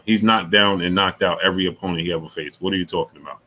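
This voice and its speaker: A middle-aged man hosting a casual live stream, reading super chats, repeating himself and climbing high when he argues. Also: very fast, few pauses, rough recording. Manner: animated, repeats himself, rises sharply when arguing.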